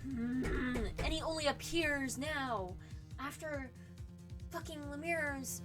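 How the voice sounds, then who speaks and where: A woman's voice: sits high, slow pace. A woman streamer giving casual let's-play commentary, emotional and thinking aloud, swearing now and then. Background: game music.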